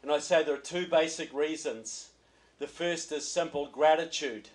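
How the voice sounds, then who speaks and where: A man's voice: a little high, normal speed, low-quality recording. A man with a New Zealand accent, a guest speaker giving a political speech at a reception, folksy with joking asides and repeated words as he starts phrases.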